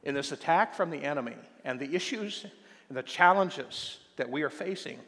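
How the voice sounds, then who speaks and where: Older male pastor, gravelly, emphatic sermon delivery, long reverberant hall. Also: a little high, lively intonation, a bit bright. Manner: emphatic preaching with slow stressed phrases and many fillers.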